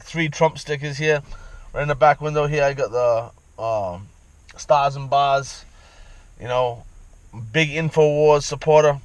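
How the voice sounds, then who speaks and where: A man's voice: medium pitch, no room sound, low-quality recording. Profane ranting man. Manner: profane, rambling, repeats himself. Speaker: vlogger. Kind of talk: angry ranting monologue.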